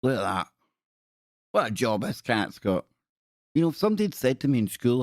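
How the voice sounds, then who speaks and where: A man's voice: mid-range voice, very animated, brisk, long pauses, dry recording, clean studio sound. A man hosting a live stream, rambling and joking as he reads captions aloud in casual commentary. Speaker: live-stream show host.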